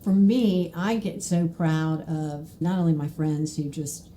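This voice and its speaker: Woman, podcast host, lowish voice, mellow tone, animated storyteller. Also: slow, a little hiss or hum. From Mississippi. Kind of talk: casual conversational interview.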